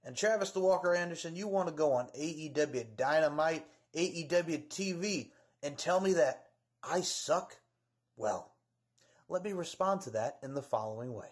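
A man's voice: on the high side, animated, moderate pace. A man cutting a crude, mocking wrestling trash-talk promo.

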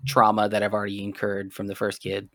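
A man's voice: on the low side, completely flat delivery, fast, fairly bright tone, no echo, clean studio sound. A young man, a podcast co-host, chatting casually and laughing often as he tells stories. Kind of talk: casual chat.

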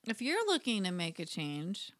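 A woman chats casually as a podcast co-host, wandering through stories and laughing often. Her voice sits at an ordinary middle pitch. It is recorded close and dry, with no room sound. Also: huge pitch swings, moderate pace, a bit bright, no room sound. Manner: chatty, giggly, rambling storyteller. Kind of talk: casual chat.

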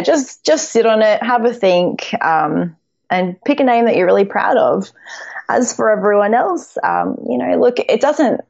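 A woman's voice: on the low side, vocal fry, muffled recording. A woman with an Australian accent, a food blogger guest chatting casually and encouragingly, often saying um and laughing. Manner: warm, encouraging, with frequent ums and laughs. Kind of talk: casual interview chat.

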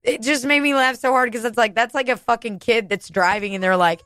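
Profane, animated woman telling a story. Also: fairly high pitch, a little fast, few pauses, dry recording. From Kansas City, United States. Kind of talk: casual storytelling chat.

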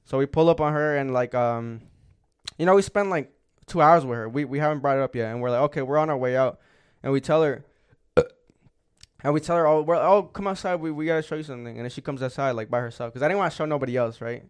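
A man's voice: medium pitch, fairly quick, clean tone. A young man co-hosting a podcast, telling a long story in casual chat, rambling and swearing with lots of filler words. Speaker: podcast co-host.

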